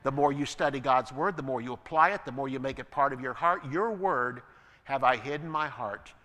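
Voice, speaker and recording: A man preaching a sermon as pastor, building to emphatic peaks and then dropping to quiet asides. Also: mid-range voice, fairly quick, big-room sound. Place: church.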